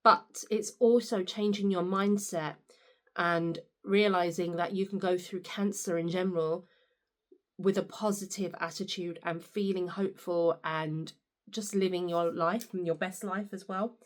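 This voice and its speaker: A woman's voice: lowish voice, fairly even intonation, measured pace. A young woman giving a candid, upbeat personal testimonial and often turning to the listener with asides. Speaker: patient sharing her experience. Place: indoors at home.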